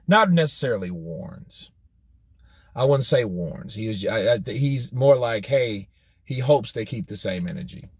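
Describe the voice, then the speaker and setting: Animated, profane boxing commentator. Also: male voice, medium pitch, dry recording. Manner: animated, profane, rhetorical questions. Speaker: boxing news channel host. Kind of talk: commentary vlog.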